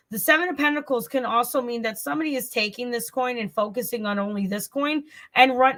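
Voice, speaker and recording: A woman's voice: a little high, a bit bright. A woman with a Southern US accent, hosting a casual tarot reading stream and chatting straight to her viewers, repeating herself as she goes. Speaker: tarot reader and channel host.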